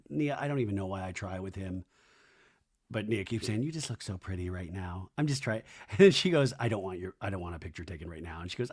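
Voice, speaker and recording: A man hosting a podcast, casually recapping a reality show and mocking its cast in exaggerated voices. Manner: chatty, mimics cast members in high mocking voices. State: hiccups. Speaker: podcast host.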